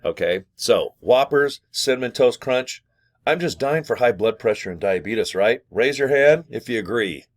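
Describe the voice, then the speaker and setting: A man talking to camera in a jokey, rambling way while pitching an affiliate program from his small home studio. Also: expressive, normal speed. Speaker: vlogger promoting an affiliate program. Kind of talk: casual rambling sales talk to camera.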